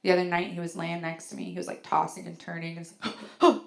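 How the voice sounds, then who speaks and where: A woman's voice: lowish voice, level tone, quick pace, gravelly. Chatty woman doing stand-up. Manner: chatty, filler-heavy storytelling with big acted-out voices. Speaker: stand-up comedian. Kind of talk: stand-up comedy set. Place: comedy venue on stage.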